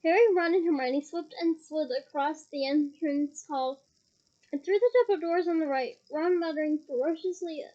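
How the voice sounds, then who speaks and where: A woman's voice: high voice, warm tone, lo-fi sound. A woman reading a novel aloud expressively, with small slips and asides. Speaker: reader.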